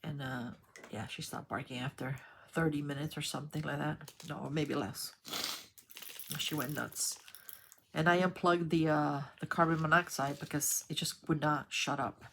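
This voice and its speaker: Lower-voiced lady vlogging while she crafts, rambly and chatty, little clicky noises behind her. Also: moderate pace, gravelly, background noise. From New York. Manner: chatty, rambling, animated when retelling. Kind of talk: casual storytelling while crafting.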